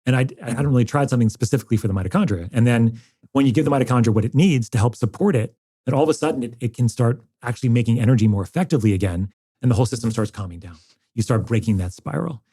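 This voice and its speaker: Fast-talking man doctor guest. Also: medium pitch, breathy edge. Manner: energetic, quotes patients. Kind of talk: explanatory interview talk.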